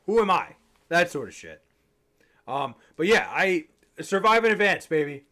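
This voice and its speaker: This young livestreamer, a little tipsy, rambles, swears and cracks jokes while chatting with viewers. His high-pitched voice is very animated, bright and forceful, delivered at normal speed.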